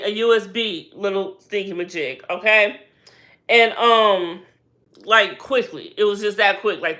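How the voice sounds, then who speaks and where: Host, woman, bright tone, loose slangy recap commentary full of asides. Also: medium pitch. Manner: animated, slangy, many rhetorical asides. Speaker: trial recap vlogger.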